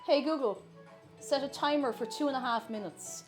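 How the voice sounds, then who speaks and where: A woman's voice: sits high, moderate pace, soft background music. A woman chatting casually while baking live in her kitchen, laughing often and reading out chat messages.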